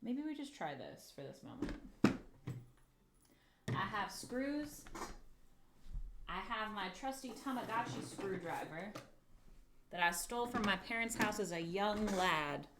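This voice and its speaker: A woman's voice: medium pitch, animated, unhurried, pauses often, background noise. A woman chatting on a casual livestream while she builds a craft piece, nervous, swearing often and talking to herself. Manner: talks to herself and the objects. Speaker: streamer.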